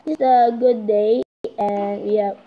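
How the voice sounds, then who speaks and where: A woman giving excitable, chatty commentary while playing a game, often calling out to "guys". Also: medium pitch, slow, phone-quality sound, slight background noise. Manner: excitable, keeps repeating "guys". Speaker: gaming vlogger.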